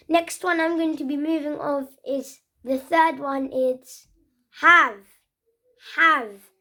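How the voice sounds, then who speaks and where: An English child presenting a casual pronunciation lesson, repeating sounds slowly and earnestly, with frequent restarts. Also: female voice, sits high. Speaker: pronunciation trainer.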